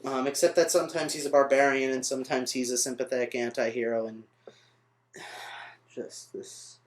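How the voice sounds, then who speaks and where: A man's voice: medium pitch, level tone, fast. A young man ranting in an unscripted vlog review, rambling off on tangents and correcting himself as he goes. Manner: rambling, trails off on tangents, frustrated. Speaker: vlogger reviewing a film. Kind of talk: off-the-cuff vlog rant.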